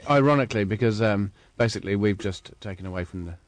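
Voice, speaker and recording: A man's voice: fairly low pitch, quick pace, no echo. New man, dry studio chat. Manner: hesitant, many fillers and restarts. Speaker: wine commentator. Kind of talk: casual radio chat. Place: radio studio. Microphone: studio mic.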